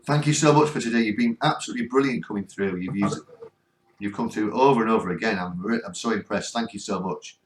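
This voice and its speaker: A northern English man runs a spirit box session on a ghost hunt, pleading again and again for the spirits to answer. His voice sits fairly low. The sound is roomy and echoing. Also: fast talker. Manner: coaxing, earnest, keeps pleading for replies. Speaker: ghost hunting vlogger. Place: cold spot on a ghost hunt.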